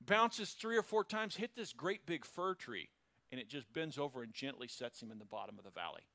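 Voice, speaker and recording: A man preaching a sermon as pastor, telling stories with lively acted-out dialogue. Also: mid-range voice, a little fast, dry recording. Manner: animated storytelling, acts out quoted characters.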